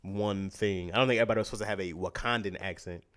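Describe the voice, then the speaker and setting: A man co-hosting a casual podcast, telling stories in an animated way and laughing often. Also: lowish voice, rapid-fire. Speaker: podcast co-host. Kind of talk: casual chat.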